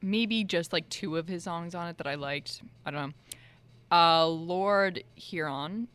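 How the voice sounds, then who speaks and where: Hesitant young woman, lowish voice. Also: measured pace, a bit bright, smooth, no echo. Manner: hesitant, filler-heavy, self-deprecating. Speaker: co-host. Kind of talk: casual chat.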